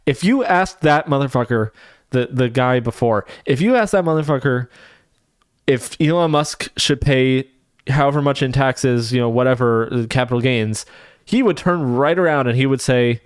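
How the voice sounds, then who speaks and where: A man's voice: mid-range voice, normal speed, smooth, no room sound, studio quality. A man streaming live, reacting with profane, laughing, rambling commentary.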